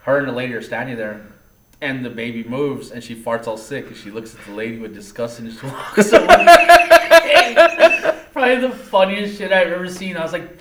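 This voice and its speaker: A man's voice: mid-range voice, sing-song, moderate pace, a crowd in the background. Swearing, laughing man in an echoey room. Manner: profane, laughing storyteller. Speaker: podcast co-host. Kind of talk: casual chat.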